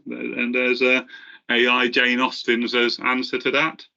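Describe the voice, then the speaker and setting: A man walks through a software demo on a webinar, voice bright and a little forceful. He hesitates often, restarting phrases and filling gaps with ums. The call audio sounds slightly dull and lo-fi. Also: mid-range voice, monotone, gravelly. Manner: halting, many fillers and restarts. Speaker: presenter from the software team. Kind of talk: webinar presentation.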